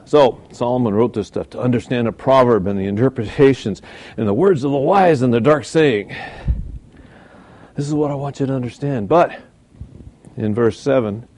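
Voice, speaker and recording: A man's voice: mid-range voice, a little mellow. A man teaching from the Bible in a folksy, informal way, with asides and mock voices. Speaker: preacher.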